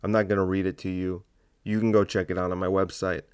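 A man's voice: low-pitched, level tone, fast talker, clean tone, no room sound, studio quality. A man hosting his own podcast alone, talking in a blunt, provocative, rambling way. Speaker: podcast host. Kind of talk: casual solo podcast monologue.

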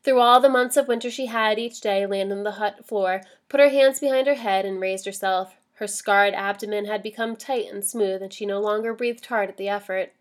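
Woman reading a chapter book out loud, even and measured. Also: medium pitch. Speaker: story reader. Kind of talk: reading a novel aloud.

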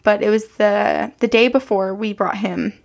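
Gravelly-voiced young woman spinning stories. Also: medium pitch, fairly even intonation, normal speed, darkish tone. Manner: chatty, rambling storyteller with frequent laughs. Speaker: podcast co-host. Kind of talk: casual chat, telling personal ghost stories.

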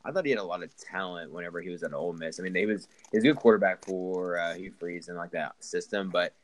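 Deep-voiced young man rambling about football. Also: fast talker, a little hiss or hum, poor audio. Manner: rambling, restarts sentences, Southern "y'all". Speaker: podcast host. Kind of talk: casual sports chat.

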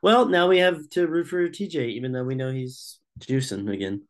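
A man's voice: medium pitch, sing-song, moderate pace. Laid-back male podcast co-host. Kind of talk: casual chat.

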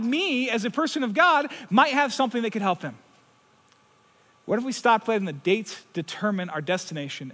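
A man's voice: high-pitched, a bit bright, big-room sound. A man preaching a sermon to his church, earnest and conversational, often checking in with "right?". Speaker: pastor.

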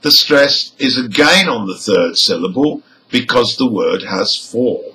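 A man teaching English pronunciation, slowly listing numbered example words and modeling each one clearly. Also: fairly low pitch, expressive, pushed and bright, poor audio. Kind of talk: slow, deliberate teaching delivery.

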